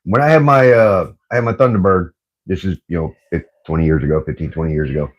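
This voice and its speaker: An older man and grandfather co-hosts a casual livestream, rattling off stories at a quick clip. His voice is husky, and the audio comes through dull and lo-fi. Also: low-pitched. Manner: laid-back, rambling storytelling. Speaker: livestream co-host.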